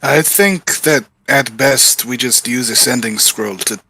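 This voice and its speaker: Bright-voiced man, dry and practical. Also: medium pitch, unhurried, breathy edge. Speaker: player. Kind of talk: casual tabletop play.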